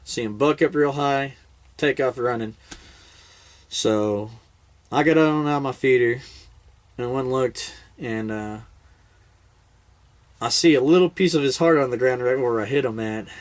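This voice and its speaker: Male veteran, mid-range pitch, casual vlog storyteller; loose, rambling delivery full of restarts. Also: unhurried, pauses often. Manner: rambling, laid-back, many fillers and restarts. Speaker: military veteran hunter.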